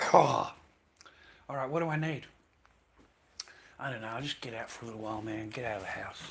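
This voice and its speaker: A man's voice: medium pitch, brisk, gravelly, long pauses, a little hiss or hum. An Australian man ranting to camera in a mocking, sarcastic way, swearing freely as he talks. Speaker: vlogger.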